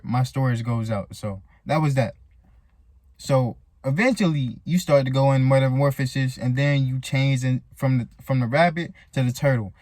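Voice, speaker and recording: A man's voice: mid-range voice, darkish tone, no room sound. Slangy man giving a casual pep talk. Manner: slangy, repetitive, acts out a tired runner. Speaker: channel host. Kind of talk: casual motivational talk to camera.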